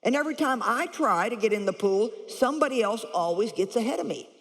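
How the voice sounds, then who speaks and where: A woman's voice: a little high, lively intonation, fast talker, in a large hall. A woman preacher voicing a self-pitying crippled man who whines that nobody helps him. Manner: whiny, sorry for himself.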